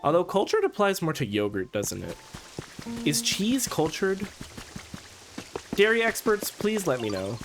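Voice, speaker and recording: A man's voice: high voice, sing-song, measured pace, pauses often. A man streaming a video game, talking casually and campily to his chat with jokey asides. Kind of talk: casual gameplay commentary. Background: game music.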